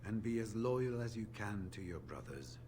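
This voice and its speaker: Man voicing a veteran warrior, game character, very deep voice, solemn, measured, faint hum. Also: animated, lightly acted. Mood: earnest. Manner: measured, solemn, low and confiding. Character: weathered older male warrior veteran, grave.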